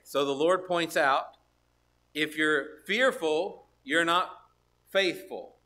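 A man preaching a sermon, reading Bible verses and turning them into conversational rhetorical questions, stopping now and then to clear his throat. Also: on the high side, animated, moderate pace, a bit bright.

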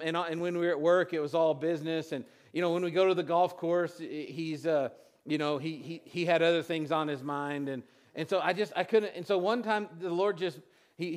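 A man preaching a sermon, telling a personal story in a halting way with many restarts. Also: a little high. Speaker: pastor.

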